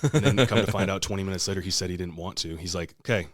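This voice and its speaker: Low-voiced profane man. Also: racing, dry recording. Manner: profane, animated storyteller acting out quotes. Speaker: podcast co-host. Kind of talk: casual storytelling chat.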